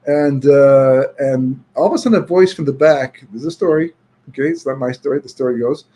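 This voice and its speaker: A man giving a Torah talk as a chatty storyteller, full of "you know" and restarts, sprinkling in Yiddish and Hebrew terms and turning loud and emphatic when he argues a point. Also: mid-range voice, a little fast, breathy edge. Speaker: Torah speaker.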